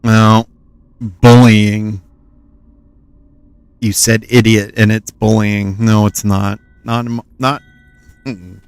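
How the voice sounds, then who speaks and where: A man's voice: on the low side, level tone, takes it slowly, long pauses, clean tone, no echo. A man from the Midwest, chatting playfully while streaming a game and joking with his viewers. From Cincinnati, US Midwest. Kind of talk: casual gaming commentary.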